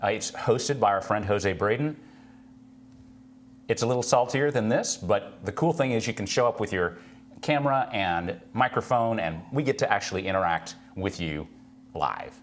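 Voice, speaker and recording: A low-pitched man with a bouncy, animated intonation, co-hosting a live tech stream. He greets viewers and reads out their questions in a friendly, conversational way, with a light hum underneath. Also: moderate pace. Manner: reads chat messages aloud, greets viewers by name. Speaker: co-host reading viewer questions.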